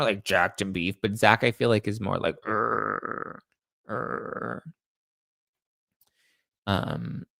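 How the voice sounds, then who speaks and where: A man's voice: fairly low pitch, creaky, a bit bright, no echo. A man hosting a celebrity gossip show, chatting casually in a rambling way and reading out viewer comments. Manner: rambling, chatty, restarts and self-corrects. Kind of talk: casual chat.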